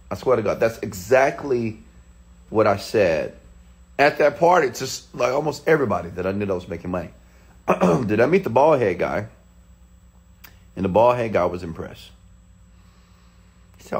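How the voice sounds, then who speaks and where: A man in his thirties, a motivational speaker, telling a personal story in an animated way, with sudden excited shouts. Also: low-pitched, normal speed, pauses often.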